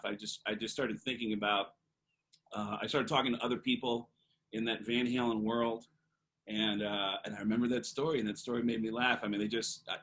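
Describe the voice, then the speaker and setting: A man, a comedian guest, telling a long, animated anecdote with lots of fillers. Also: mid-range voice, rough recording. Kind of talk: storytelling on a podcast.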